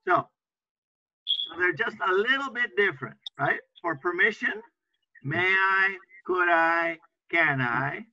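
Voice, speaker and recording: A man's voice: high-pitched, lively intonation, takes it slowly, sharp tone, dry recording, dull audio. A man teaching an English class to students, patiently repeating example phrases and often checking understanding with "right?".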